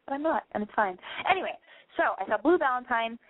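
A woman's voice: a little high, lively intonation, fast, no room sound. A young woman hosting a call-in show, chatting casually and rambling, swearing often and filling with "like". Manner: chatty, swears a lot, many likes. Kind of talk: casual chat, profane and rambling. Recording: dry tinny phone-like sound.

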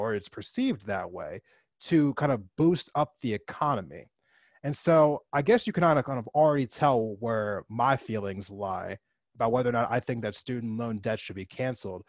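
A man's voice: mid-range voice, dry recording. Male commentator, passionate opinion monologue, filler-heavy, emphatic peaks, dull dry recording. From United States. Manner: impassioned, rising to emphatic outbursts; frequent fillers like "you know" and "like". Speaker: political commentator.

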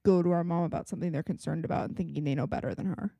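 A young woman co-hosts a podcast and walks through TV scenes in chatty detail, full of filler words. Her voice is warm and mellow, recorded close and dry. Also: low-pitched, rapid-fire, vocal fry, slightly rough, no echo. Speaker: podcast co-host. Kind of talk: casual chat recapping a TV episode.

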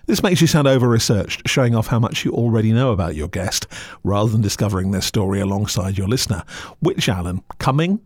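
A man's voice: on the low side, lively intonation, a little mellow, slightly rough, no echo. Dry-voiced sardonic man. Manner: dry, sardonic, quick asides. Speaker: podcast reviewer. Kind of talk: scripted critical review.

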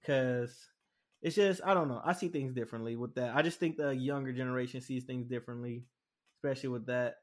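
A man's voice: mid-range voice, a little fast. A young man in casual chat, telling a story bluntly and acting out the voices he quotes. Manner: animated, acts out quoted voices; blunt, frank.

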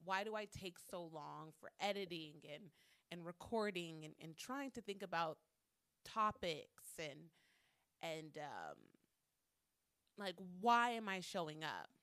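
A woman's voice: lowish voice, lively intonation, takes it slowly, a bit bright, clean tone. A woman hosting a solo podcast monologue, talking candidly with frequent swearing and repeating lines for emphasis. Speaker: podcast host.

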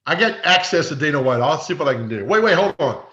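Bright-voiced joker dude on a roomy, muffled remote line, tells stories. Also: male voice, fairly high pitch, quick pace. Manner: jokey, animated storyteller. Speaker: podcast guest, media personality. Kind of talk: casual chat, telling funny stories.

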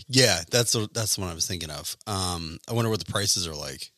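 A man's voice: sits low, animated, a little fast, bright, forceful tone, no room sound, studio quality. A man chatting casually as a podcast co-host, laughing often and swearing. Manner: laughs a lot, crude, swears. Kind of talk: casual chat.

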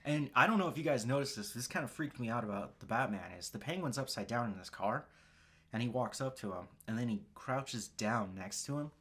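A man's voice: mid-range voice, lively intonation, brisk, fairly bright tone. A man co-hosting a podcast, casually and animatedly retelling movie scenes, with some swearing. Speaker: podcast co-host. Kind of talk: casual chat.

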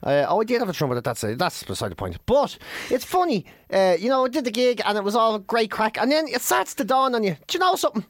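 A middle-aged comedian co-hosts a casual podcast, spinning self-deprecating stories with plenty of swearing. His pitch swings widely as he talks, and the recording is dry and close. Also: very animated, fast, no echo. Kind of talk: casual chat.

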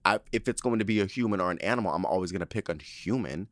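A man's voice: deep voice, fast, fairly bright tone, no room sound, clean studio sound. A man hosting a podcast, telling a story as a dramatic, profane, laughing rant. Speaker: podcast host. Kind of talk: casual solo podcast rant.

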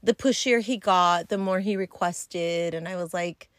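A woman podcaster chats through a story on her own, blunt and unfiltered, full of fillers. Her voice sits on the lower side. The sound is dry and close, with no room echo. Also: unhurried. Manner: blunt, profane and chatty, with many fillers. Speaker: podcast host. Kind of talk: casual solo storytelling.

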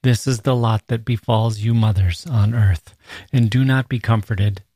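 Man reading a solemn old monk elder, warm low tone, dry sound. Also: fairly even intonation, a little slow, breathy edge, dry recording.

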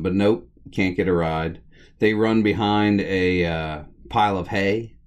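A man casually recapping the plot of an old comedy short, chatty and relaxed, with many "uh" pauses. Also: low-pitched. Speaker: host of a film recap series.

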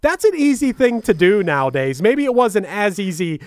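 A man co-hosts a music podcast with eager, laughing energy. His voice is high and smooth, and the recording is dry and close, with no room sound. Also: big pitch swings, normal speed, no echo. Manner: enthusiastic, laughs often. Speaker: podcast co-host. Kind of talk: casual podcast chat.

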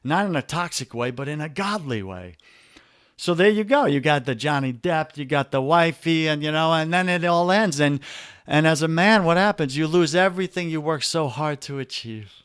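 A man's voice: a little high, expressive, moderate pace, a bit bright, clear, resonant tone, dry recording, clean studio sound. Emphatic New York man coaching. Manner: emphatic, preachy, talks straight to listeners as "brother". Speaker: guest, men's coach. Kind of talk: podcast interview.

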